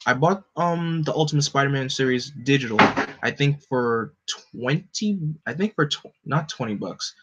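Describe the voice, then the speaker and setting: A man's voice: mid-range voice, fairly bright tone, slightly rough. A man chatting casually and rambling, with many restarts, while hosting a comic live read. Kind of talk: casual chat. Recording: dull lo-fi recording.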